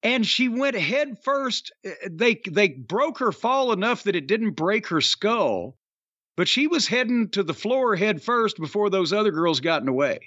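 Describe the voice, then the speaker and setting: A high-pitched man hosts a podcast, blunt and profane, hitting his points with sharp rising stresses. His voice sounds dry and a little dull, like a lo-fi microphone in a dead room. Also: big pitch swings, unhurried, no room sound. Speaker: podcast host reviewing wrestling. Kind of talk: casual podcast chat.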